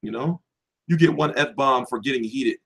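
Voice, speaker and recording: A man's voice: mid-range voice, moderate pace, creaky, fairly bright tone, husky. A young man hosting a boxing channel, answering viewers in a heated, profane livestream chat.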